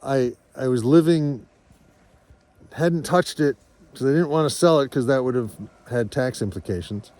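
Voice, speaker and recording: A man's voice: mid-range voice, moderate pace, darkish tone. Earnest, rambling man vlogging. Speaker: farm vlogger. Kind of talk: candid personal vlog.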